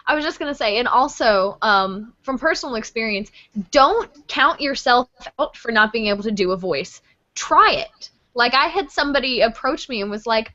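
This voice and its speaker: Woman voice actor, bright, sharp voice, slightly high, lo-fi muffled call audio, earnest. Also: animated, moderate pace. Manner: earnest, advice-giving, storytelling. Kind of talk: casual podcast chat.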